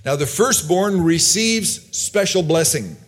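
A man with a somewhat high, animated voice preaches a sermon at a slow pace. He reads Bible verses aloud, briefly acts out characters' lines, and explains the passages loosely, restarting his sentences.

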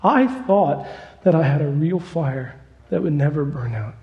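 A man voicing a weary believer in a sermon story who pleads with God and later shouts praise. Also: on the high side, expressive, unhurried, lo-fi sound. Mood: despairing. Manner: tired and pleading, then jubilant shouting. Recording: long hall reverb.

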